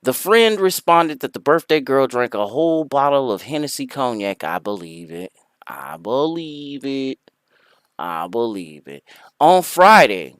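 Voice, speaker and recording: A man hosting a casual stream, reading celebrity gossip aloud and breaking off into crude jokes. His pitch swings widely, and his voice is recorded dry, close to the mic. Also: smooth, no echo. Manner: loud laughing outbursts, crude jokes, jumps into high voice. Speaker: streamer host.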